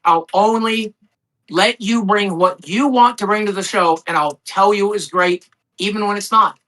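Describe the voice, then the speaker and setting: A bright-toned man argues on a live stream, insistent and repetitive. He keeps pushing his point while the other speaker rages. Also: high-pitched, normal speed, low-quality recording. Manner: insistent, repeats himself. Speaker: stream co-host. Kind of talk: heated livestream argument.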